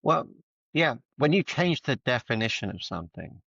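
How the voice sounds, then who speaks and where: A man's voice: medium pitch, sing-song, moderate pace, vocal fry, a bit bright, husky, no room sound, dull audio. A middle-aged man, a mindset coach, telling his story as an interview guest in an earnest, emphatic way over a video call.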